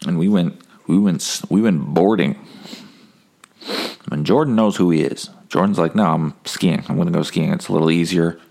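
A comedian talking straight into his own podcast, a man with a low, gravelly voice that drags into vocal fry. He rambles through a self-mocking story and swears freely as he goes. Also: moderate pace, darkish tone. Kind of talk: casual storytelling monologue.

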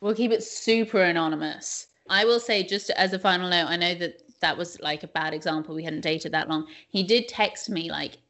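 A young woman co-hosting a podcast, telling stories in a chatty, animated way with many fillers. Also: lowish voice, normal speed, few pauses. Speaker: podcast co-host. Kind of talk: casual chat.

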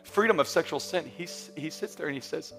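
A man in his thirties preaching a sermon as pastor, emphatic and building to loud peaks, mixing in humorous stories. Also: on the high side, a little fast, creaky, faint music behind. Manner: emphatic, rising to near-shouting peaks; storytelling with humor and quoted voices.

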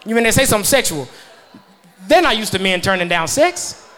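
High-voiced man in his thirties doing stand-up. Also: sing-song, a little fast. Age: 30s. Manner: loud, laughing at his own jokes, profane banter with the crowd. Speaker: stand-up comedian. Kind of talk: stand-up comedy set. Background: audience laughter.

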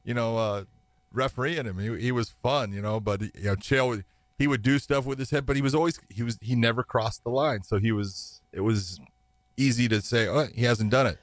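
A man's voice: medium pitch, normal speed, no echo. A man telling long anecdotes as an interview guest, rambling, laughing often, acting out what others said. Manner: rambling, laughs often, acts out quoted voices. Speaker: guest, fight referee. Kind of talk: anecdotal storytelling.

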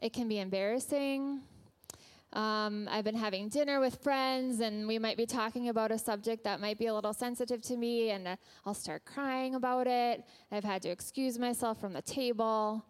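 A woman's voice: fairly high pitch, moderate pace, clean tone. A woman giving a personal sermon to a church congregation, candid and a little self-conscious, with light laughs and fillers. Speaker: guest speaker at church. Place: church hall before a congregation.

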